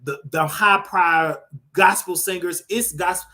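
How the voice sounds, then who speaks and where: A man hosting a show in a casual gossip chat, telling stories in an animated, dishy way with sudden jumps in pitch. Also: unhurried. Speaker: show host.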